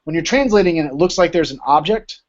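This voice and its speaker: Male teacher, casual lecture, keeps asking "right?", slightly high voice, muffled lo-fi audio. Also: expressive, fast. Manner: explains with many rhetorical checks like "right?". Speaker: Greek teacher. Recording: dull lo-fi recording.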